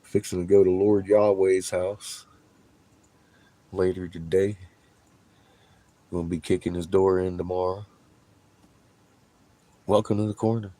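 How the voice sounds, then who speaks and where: A man telling a rambling story in a casual, profane monologue, laughing between bursts of excitement. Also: deep voice, a little slow, pauses often. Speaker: vlogger.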